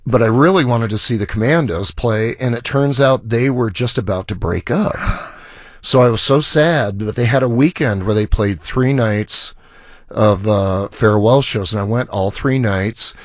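A middle-aged man tells a long story at a studio mic, circling back and restarting his sentences as he goes. His voice sits mid-range for a man, recorded dry and close with no room around it. He sounds relaxed and conversational. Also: mid-range voice, normal speed, no echo. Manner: rambling anecdotes with restarts and acted quotes. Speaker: musician guest. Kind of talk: casual storytelling interview.

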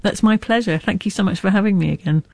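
A woman's voice: medium pitch, quick pace, vocal fry, a little mellow, no room sound, studio quality. A middle-aged woman author who stammers, speaking candidly with restarts and asides in an interview. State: lives with a stammer. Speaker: author guest. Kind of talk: reflective interview talk.

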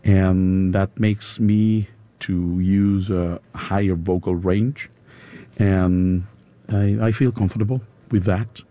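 A man with a Spanish accent, an opera singer interviewed in English, his second language, pausing often to search for words. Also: low voice, fairly even intonation, dark tone. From Spain. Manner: halting, searching for words with fillers.

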